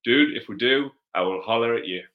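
Over phone-quality sound, a Geordie man with a medium-pitched voice talks briskly as he hosts a laid-back livestream Q&A. He reads viewer comments aloud in a chatty, blunt way, with plenty of swearing.

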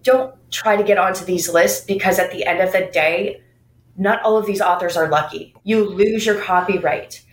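A woman's voice: fairly low pitch, moderate pace, reverberant, rough recording. A woman co-hosting a podcast about books, giving emphatic, direct advice to fellow authors in casual chat.

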